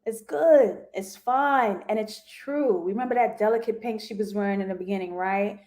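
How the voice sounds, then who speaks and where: A young woman hosting a live TV review, talking straight to her viewers in a loose, slangy way. Her voice sits a little high for a woman. She laughs often and tosses in asides as she breaks down the episode. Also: big pitch swings, normal speed, hardly any pauses. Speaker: TV review show host. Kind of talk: casual live review chat.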